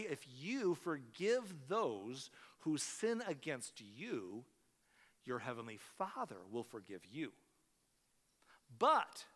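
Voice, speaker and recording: A man's voice: on the high side, fairly bright tone, long reverb tail. A man preaching a sermon as a pastor, telling a story and acting out the characters' lines. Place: church sanctuary.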